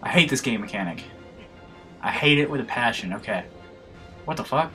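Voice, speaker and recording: A man with a nasal voice and a slight lisp, loudly and excitably commentating his own gameplay, swearing and joking constantly. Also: medium pitch, normal speed, faint music behind. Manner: loud, excitable, heavy swearing and jokes. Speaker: let's play gamer.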